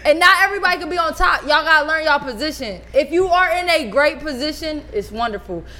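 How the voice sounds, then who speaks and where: A woman co-hosting a casual podcast chat, teasing, talkative and quick to argue. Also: high voice, animated, very noisy. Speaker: podcast co-host.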